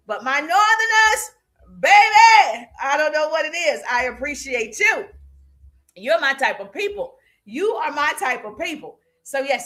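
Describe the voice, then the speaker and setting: A high-pitched woman with a Southern accent coaches her live-stream audience, pushing them with repeated punchy phrases. Her voice is bright and forceful, and she talks straight to the viewers like a hype coach. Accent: Southern American. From American South. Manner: energetic, exhorting, repeats phrases, addresses viewers directly. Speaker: business coach. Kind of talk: live-stream motivational talk.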